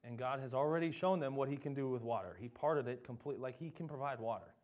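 Young man, preacher, sermon, chatty and self-deprecating, mid-pitched voice. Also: fast, a little mellow. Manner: conversational, self-deprecating, mocks complainers with dramatic voices.

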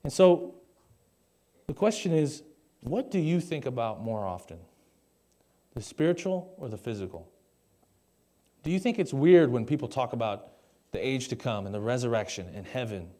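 A man's voice: medium pitch, animated, normal speed, pauses often, warm tone. A young man preaching a conversational sermon to a live congregation on a stage mic, with jokey asides and questions to the audience. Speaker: pastor.

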